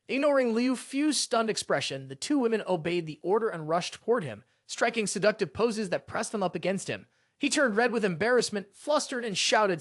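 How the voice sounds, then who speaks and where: A narrator reading a drama recap in a scripted, animated storytelling style. The pitch is mid and moves a lot. The sound is dry and close to the mic. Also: brisk, dry recording.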